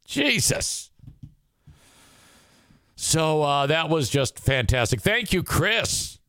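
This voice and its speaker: A man's voice: a little high, slow, no room sound, clean studio sound. A man hosting a radio show, telling a casual story and acting out the people he quotes, with some swearing. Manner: animated, acts out quoted people with shifting voices.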